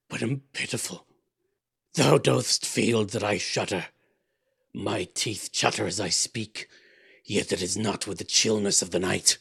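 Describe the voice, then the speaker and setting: A man voicing a tormented male fiend who was once mortal, speaking slowly and gravely with a gibbering, shuddering voice and sudden loud outbursts. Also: lowish voice, full character voice. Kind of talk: dramatic story reading.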